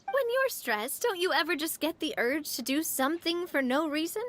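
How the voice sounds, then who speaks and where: A woman voicing a cheerful, outgoing young woman in a game, playful and quick to laugh. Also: high-pitched, big pitch swings. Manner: bubbly, playful, laughs easily. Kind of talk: game voice acting.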